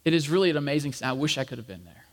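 High-voiced pastor in an echoing hall. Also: male voice, lively intonation, racing. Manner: casual, jokey, addresses the congregation as guys; acts out quoted lines. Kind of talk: conversational sermon. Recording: long hall reverb.

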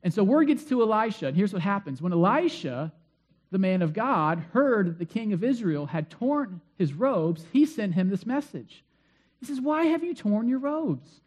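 A man's voice: high-pitched, very animated, moderate pace, darkish tone. A male pastor preaching a sermon in a conversational, storytelling way with frequent fillers.

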